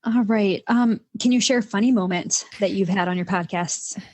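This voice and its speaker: A woman's voice: mid-range voice, moderate pace, a little mellow, no echo. A woman guest asking questions in a friendly, casual interview chat. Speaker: podcast guest co-host.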